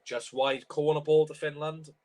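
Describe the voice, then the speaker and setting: A man's voice: a little high, fairly even intonation, normal speed. A young man from Wales with a tickly cough, doing live commentary and chatting while he watches a football stream at home. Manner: chatty, reacts loudly to chances, chants along to songs. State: tickly cough, sore throat. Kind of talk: live match commentary and chat.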